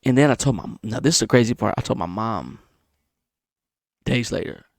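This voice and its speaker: A man casually telling a story about a dream, animated and repetitive, punctuating it with sound effects. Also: normal speed, gravelly, dry recording, studio quality. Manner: animated, repeats himself, sound effects like boom. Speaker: vlogger.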